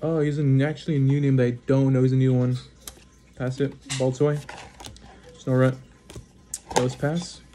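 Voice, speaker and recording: A man hosting his own channel, casually commenting at home at a small table as he opens card packs, rattling off card names quickly with brief excited reactions. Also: mid-range voice, a little hiss or hum. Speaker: card-opening channel host.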